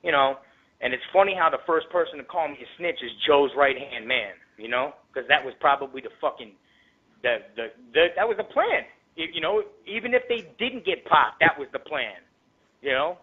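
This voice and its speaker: A man guesting on a radio show, telling a rambling story with lots of profanity in a casual, animated way. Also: fairly high pitch, fairly quick. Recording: tinny phone line.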